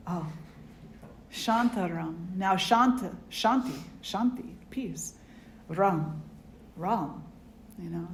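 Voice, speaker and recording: Low-voiced woman teaching in a roomy hall. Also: a little hiss or hum. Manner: conversational, reflective, asks the audience questions. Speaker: spiritual teacher. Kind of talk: satsang talk. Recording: roomy hall with faint ambience.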